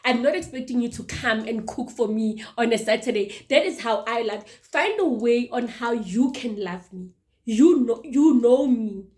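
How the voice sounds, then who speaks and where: A woman's voice: a little high, normal speed, hardly any pauses. A woman in her mid-thirties hosting a casual advice monologue, earnest and emphatic, often repeating her words. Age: 30s. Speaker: show host.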